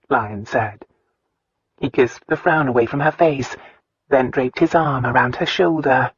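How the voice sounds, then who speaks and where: A man narrating an audiobook in a low, even way. His voice is husky, and the recording sounds dry and somewhat dull. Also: measured pace, no room sound. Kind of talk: scripted narration.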